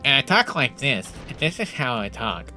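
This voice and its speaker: Man doing a nasal know-it-all, smug, lecturing, bright tone, lively pitch. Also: moderate pace, soft background music. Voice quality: nasal, pinched-nose voice. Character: nerdy know-it-all man correcting people.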